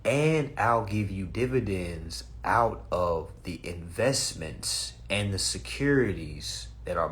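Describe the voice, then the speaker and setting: A man hosting a casual livestream on his phone, talking in a preachy, animated way, cursing freely and laughing at his own points. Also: deep voice. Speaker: livestream host.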